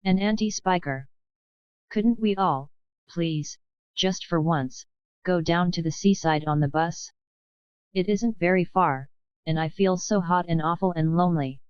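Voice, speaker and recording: A small, lonely boy, as a woman narrator puts him on, pleading earnestly and unhappily. The voice is smooth and clear, in a dry, slightly dull recording. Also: fairly low pitch, measured pace, darkish tone, dry recording, natural voice.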